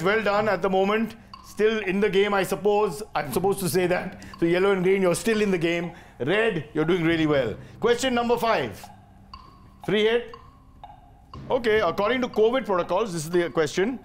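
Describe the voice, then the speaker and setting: High-voiced joking Indian quiz host. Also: male voice, slight background noise. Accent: Indian English. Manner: playful, teasing, quick asides. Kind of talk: joking game show hosting.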